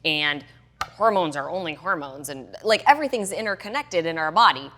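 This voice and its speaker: A woman's voice: low voice, animated, moderate pace, a bit bright. A middle-aged woman, a fitness and hormone health coach, chatting as a podcast guest and animatedly acting out her own past reactions. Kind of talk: casual podcast interview.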